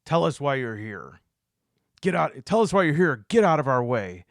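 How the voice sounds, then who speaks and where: A blunt, impatient adventurer who makes threats without raising his voice much, as a man plays him at a tabletop game. He speaks slowly, in a close, dry sound. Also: lowish voice, animated, gravelly, no room sound, heavily acted. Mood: stern. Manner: blunt, menacing.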